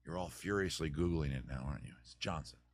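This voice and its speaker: A man's voice: very deep voice, quick pace. A man hosting a live advice stream, rambling through chat questions with jokey, digressive mock advice. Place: home room with a fire.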